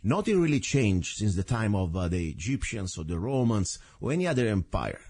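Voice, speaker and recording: A man's voice: on the low side, big pitch swings, brisk, darkish tone, breathy edge. A man from Italy with an Italian accent, hosting a talk radio show in an earnest, rambling way with frequent self-corrections. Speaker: radio host.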